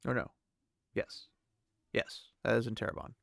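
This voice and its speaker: A man's voice: mid-range voice, flat delivery, normal speed, creaky, a bit bright, no room sound, clean studio sound. A man hosting a podcast, recapping a book chapter casually, rambling and thinking aloud with many fillers. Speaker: podcast host.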